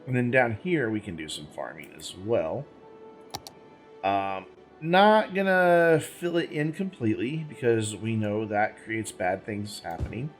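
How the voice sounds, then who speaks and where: A man's voice: on the low side, animated, measured pace, faint music behind. A man hosting a gaming channel, giving casual let's-play commentary as he plays, thinking aloud, rambling and correcting himself, with the hiccups.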